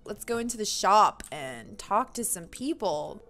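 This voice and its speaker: A woman's voice: medium pitch, measured pace, faint music behind. A young woman hosting a casual gaming channel, commentating her play with frequent squeals and giggles. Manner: excitable, squeals and giggles often.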